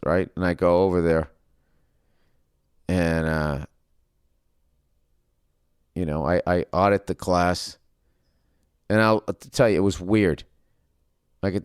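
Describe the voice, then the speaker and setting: A man in his fifties with a Boston accent, a comedian telling a profane, animated story on his podcast. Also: sits low, clean tone, no echo, clean studio sound. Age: 50s. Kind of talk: storytelling monologue.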